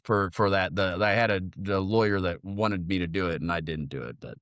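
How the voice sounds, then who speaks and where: A man's voice: low voice, fairly quick, no room sound, studio quality. A man in his forties co-hosting a podcast, telling rambling, profane stories in casual chat. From United States. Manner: profane, rambling, animated storytelling. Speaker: podcast co-host.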